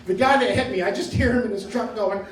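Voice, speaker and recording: A male stand-up comedian with a high voice tells his stories with lively energy and often laughs partway through a line. He sounds as if he was recorded from a distance in an echoey club, with a faint hiss underneath. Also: quick pace. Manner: animated storytelling, often laughing mid-line. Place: comedy club stage before a live audience. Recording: roomy club sound caught from afar.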